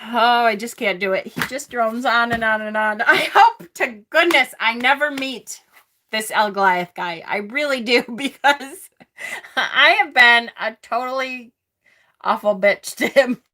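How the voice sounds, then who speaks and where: A woman's voice: a little high, a little slow, sharp tone. A woman hosting a casual tarot live stream, chatty and snarky, laughing often. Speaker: tarot channel host.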